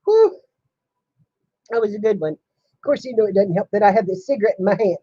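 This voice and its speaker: A woman's voice: mid-range voice, animated, brisk, slightly rough, no echo, highs cut off. An older woman chatting casually with viewers on a home livestream, laughing often in a folksy way. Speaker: livestream host. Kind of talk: casual chat answering viewers.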